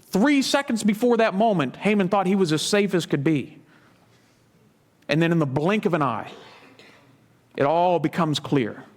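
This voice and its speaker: High-voiced pastor retelling scripture. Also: male voice, lively intonation, normal speed, pauses often. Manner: storytelling, dramatic retelling of scripture; conversational asides. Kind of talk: sermon.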